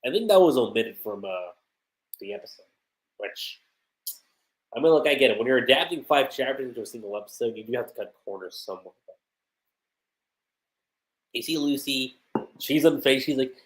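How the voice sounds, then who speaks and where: A man giving casual livestream commentary on an anime episode, excitable, acting out the characters' lines. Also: mid-range voice, moderate pace, long pauses. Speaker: anime reviewer.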